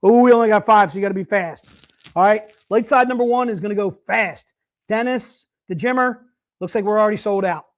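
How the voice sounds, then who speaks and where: The host of this live sales stream is a man who keeps things chatty and cheerful, tossing "dude" at everyone. He talks a little fast, in a high-pitched voice.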